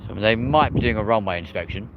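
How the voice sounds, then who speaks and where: A man's voice: fairly low pitch, quick pace, narrow, tinny audio, noisy background. A man hosting a live aviation stream outdoors by a runway, chatting casually with viewers and reading their comments. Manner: chatty, reads chat aloud, addresses viewers as mate and folks. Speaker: aviation livestream host.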